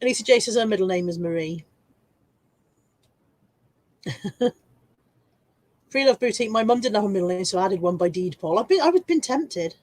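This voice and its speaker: Woman, 40s, from England; livestream host, casual and laughing, mid pitch, dry close recording. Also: expressive, normal speed, long pauses, darkish tone, no room sound. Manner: chatty, self-mocking, laughs often. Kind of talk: casual live chat reading comments.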